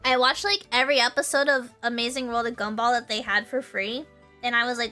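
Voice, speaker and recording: Giggly high-voiced woman streamer. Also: steady tone, brisk, pushed and bright, faint music behind. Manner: rambling, giggly storytelling. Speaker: livestream host. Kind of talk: casual stream chat.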